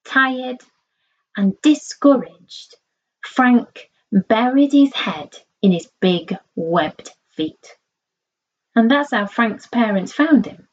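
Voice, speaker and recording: A woman reading a children's story aloud in a slow, expressive way, on a slightly dull lo-fi recording. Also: a little high.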